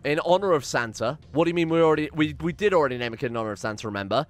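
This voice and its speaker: A man's voice: fairly high pitch, lively intonation, rapid-fire. A man giving rambling, swearing let's-play commentary on a strategy game and reading out its event text with drama. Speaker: gaming channel host.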